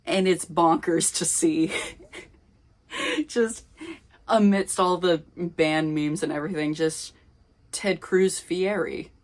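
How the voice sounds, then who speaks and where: A woman's voice: fairly low pitch, slow, long pauses. A young woman casually reading her old fan fiction aloud with wry, self-mocking commentary. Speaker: reader of her old fanfiction.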